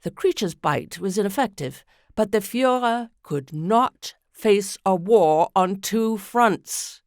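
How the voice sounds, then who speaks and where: A woman narrating a podcast from a script in a measured, storytelling manner. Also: mid-range voice, animated, no room sound, studio quality.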